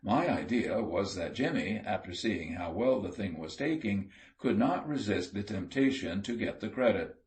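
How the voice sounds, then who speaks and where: Low-voiced man reading a story. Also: expressive, moderate pace, few pauses. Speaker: audiobook reader. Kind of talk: scripted narration.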